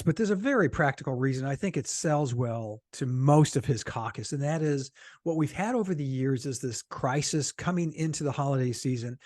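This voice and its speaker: A middle-aged man from the United States co-hosting a political podcast, animated and quick to laugh, with blunt, salty asides. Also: on the high side, no room sound, studio quality. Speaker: podcast co-host, political cartoonist. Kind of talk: casual political chat.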